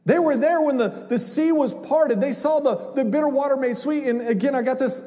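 A man preaching a sermon, animated and conversational, acting out voices with humor. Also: very high-pitched, moderate pace, long reverb tail. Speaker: pastor.

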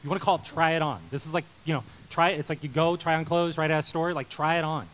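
A man in his thirties preaching a sermon, animated, moving from loud emphasis to quiet intensity. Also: a little high, fast, a little hiss or hum, poor audio. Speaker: pastor.

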